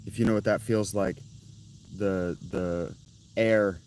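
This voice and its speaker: A man with a fairly low voice streams live from outdoors near his tent. He chats casually with viewers, rambling and correcting himself as he goes. Faint insect buzz sits behind him. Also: fairly even intonation, slow, a little mellow, slight background noise, low-quality recording.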